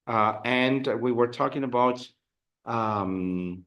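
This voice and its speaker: Slow-talking man teaching a class. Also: mid-range voice, lo-fi sound. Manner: halting, many fillers and restarts, drills with counts. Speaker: Spanish teacher. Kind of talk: classroom language lesson.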